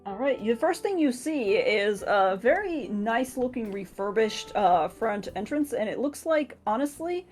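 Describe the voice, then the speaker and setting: A woman's voice: on the high side, lively intonation, unhurried, hardly any pauses, darkish tone, faint music behind. A woman narrating as game master in a casual online tabletop game, chatty and full of fillers.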